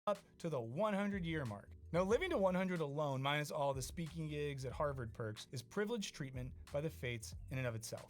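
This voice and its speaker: Higher-voiced man narrating a video essay. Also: lively intonation, a little fast, few pauses. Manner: dry, wry asides. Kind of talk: scripted narration.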